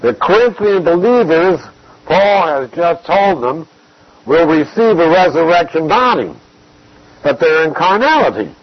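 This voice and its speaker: A man giving an expository Bible teaching, measured and emphatic, repeating key phrases to drive points home. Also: fairly high pitch, big pitch swings, lo-fi sound.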